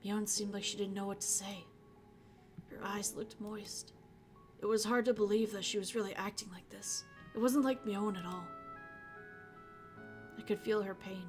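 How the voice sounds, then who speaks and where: A woman's voice: mid-range voice, fairly even intonation, normal speed, pauses often, soft background music, pitched below the performer's own voice, lightly acted. A woman voicing a guilt-ridden, bitter teenage boy while reading a visual novel aloud. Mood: brooding. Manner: brooding, accusing, then self-blaming.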